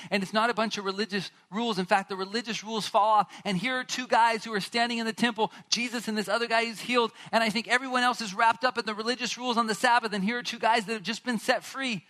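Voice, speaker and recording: Man, pastor, sermon, high bright voice, animated storytelling. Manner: animated storytelling, acts out the characters' words.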